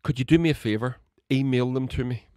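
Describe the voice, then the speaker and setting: A man's voice: mid-range voice, fast, no echo, studio quality. A man hosting his own podcast, talking alone and swearing constantly as he rants. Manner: ranting, heated, building to shouts. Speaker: podcast host. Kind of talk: solo political podcast monologue.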